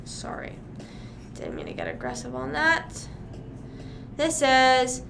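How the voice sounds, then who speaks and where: A woman's voice: high-pitched, huge pitch swings, slow, gravelly, pauses often, background noise. A young woman hosting a casual livestream, chatting with viewers and reading nursery rhymes aloud. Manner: chatty, reads rhymes aloud to chat, sings snippets. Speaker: livestream host. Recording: music playing behind her voice.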